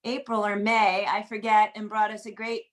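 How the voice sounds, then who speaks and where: A woman hosting an online group singalong over a video call, greeting people quickly and giving announcements in an upbeat, casual way. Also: mid-range voice, level tone.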